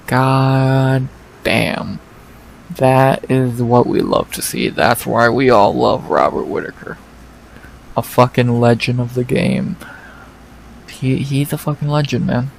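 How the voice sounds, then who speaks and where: A man hosting an MMA fight recap in a casual, excited way, swearing often and repeating himself. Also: mid-range voice, vocal fry, slight background noise, low-quality recording.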